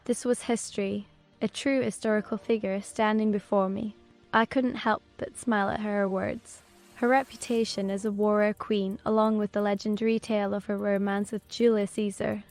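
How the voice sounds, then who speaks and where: A woman narrates a fantasy story in the first person, steady and unhurried. Her pitch barely moves and sits mid-range, with soft music playing underneath. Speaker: audiobook narrator. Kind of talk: scripted narration. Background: soft background music.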